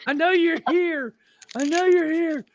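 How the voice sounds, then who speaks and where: A man acting out his friend, a frantic grown man shouting across a store about his missing cart. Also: very high-pitched, unhurried, voice pushed up. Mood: frantic yelling.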